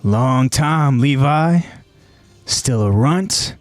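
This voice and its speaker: A man's voice: medium pitch, animated, drawn-out words, dry recording, soft background music. A man voicing a gleeful, ruthless male bounty hunter villain who taunts and whoops. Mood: taunting.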